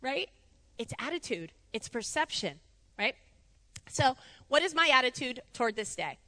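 A woman giving a conversational sermon in a church, animated and chatty, laughing easily. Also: sits high, moderate pace, big-room sound. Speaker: preacher. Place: church sanctuary.

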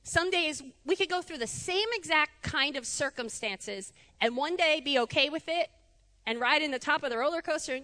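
A woman giving a conversational sermon in a church, animated and chatty, laughing easily. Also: high-pitched, moderate pace, long reverb tail. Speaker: preacher. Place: church sanctuary.

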